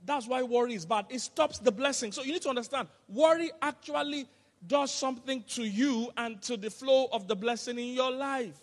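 A man preaching a sermon as pastor, telling animated stories with laughter and sudden shouts. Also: very high-pitched, normal speed. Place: church hall. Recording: long hall reverb.

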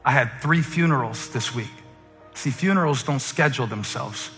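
A man preaching a sermon as a humorous, conversational story, with fillers and quick asides. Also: mid-range voice, fairly bright tone. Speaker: pastor. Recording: echoey hall with faint music.

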